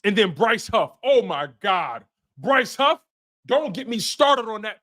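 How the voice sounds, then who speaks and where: A man hosting a sports show on a livestream, worked up and emotional, repeating himself and swinging into shouts while he reacts to viewer chats. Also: high-pitched, very animated, unhurried. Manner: heated, repetitive, swings to shouting.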